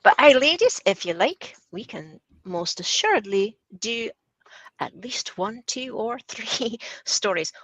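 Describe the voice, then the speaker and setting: A woman, co-hosting a casual podcast chat, chatty and quick to laugh. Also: fairly high pitch, big pitch swings, a bit bright, dry recording, rough recording. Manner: chatty, laughs often, uses Scots words like aye. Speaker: podcast co-host.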